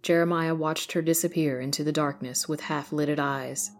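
A woman hosting a podcast and narrating horror fiction in a measured, steady storytelling voice. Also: low voice, a little hiss or hum. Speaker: host and narrator.

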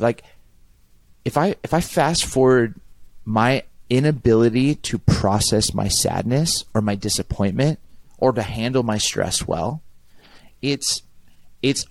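A man's voice: fairly low pitch, gravelly, no echo. A middle-aged man, a pastor, talking earnestly and reflectively in a podcast conversation, often repeating words as he thinks.

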